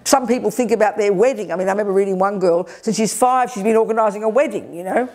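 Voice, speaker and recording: Older aussie woman teaching a buddhist retreat, punchy and direct, mellow dark voice. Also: mid-range voice, fast. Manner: energetic, direct, lively emphasis. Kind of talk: Dharma teaching with audience questions. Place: retreat hall.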